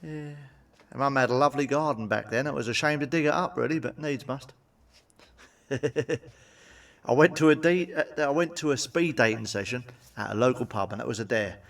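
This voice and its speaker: A man rattles off sweary stand-up gags in a blunt, cheeky manner. His voice sits in a middle pitch and comes across a little distant from the microphone. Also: normal speed, gravelly, fairly bright tone. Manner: blunt, sweary, cheeky jokes with tag questions. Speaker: stand-up comedian. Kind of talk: stand-up joke monologue.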